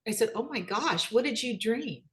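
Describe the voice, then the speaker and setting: A middle-aged woman telling personal stories about her children in an animated way, voicing their dialogue. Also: normal speed. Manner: animated, acts out quoted dialogue with rising pitch. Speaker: speaker, children's book author. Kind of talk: personal storytelling talk.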